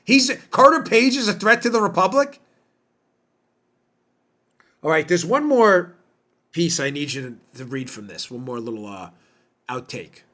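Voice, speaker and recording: At a measured pace with long pauses, this political podcast host's slightly high, sharp voice stays expressive. His monologue is indignant and emphatic, driven by rhetorical questions.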